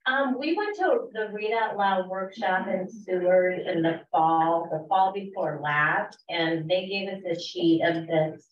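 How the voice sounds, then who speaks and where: A woman's voice: lowish voice, a little slow, hardly any pauses. A woman in a casual group discussion who hesitates and searches for her words. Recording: roomy, distant, dull table mic.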